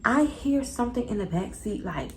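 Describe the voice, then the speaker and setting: A young adult woman telling a casual storytime to her viewers, animated and slangy. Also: a little high, normal speed, a little hiss or hum, low-quality recording. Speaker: vlogger.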